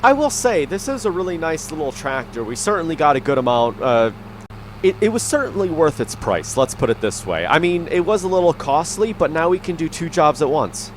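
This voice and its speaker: A man talks his way through a farming game in a loose, rambling way, full of ums and small restarts, fighting off the hiccups. His pitch rises and falls a lot as he goes. A faint hiss sits under the voice. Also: big pitch swings, a little fast. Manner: rambling, easygoing, lots of ums. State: has the hiccups. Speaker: gaming YouTuber. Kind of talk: casual gameplay commentary.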